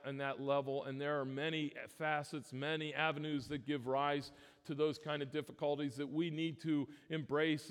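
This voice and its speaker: A man's voice: a little high, clean tone. A man preaching a sermon as pastor, earnest and emphatic, often restarting his phrases. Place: church sanctuary. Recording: long church reverb.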